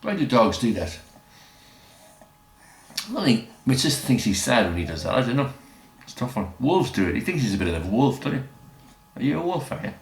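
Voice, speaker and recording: A storyteller with a medium-pitched, sing-song voice talks a little fast but pauses often during casual chat. His anecdotes ramble, he chuckles throughout, and he does voices when quoting others. An echoey room colors the recording.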